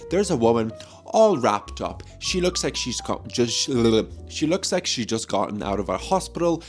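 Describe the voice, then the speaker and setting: Chatty, swearing man vlogging. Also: mid-range voice. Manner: chatty, swears freely, jokey asides. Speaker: movie review vlogger. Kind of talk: casual vlog chat. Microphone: phone mic.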